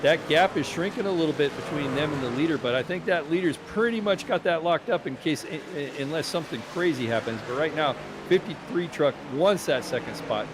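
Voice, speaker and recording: A man doing lively play-by-play commentary for an online truck race. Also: fairly high pitch, a little fast, noisy background. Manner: excited, rising when the action heats up. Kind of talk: sim racing play-by-play commentary.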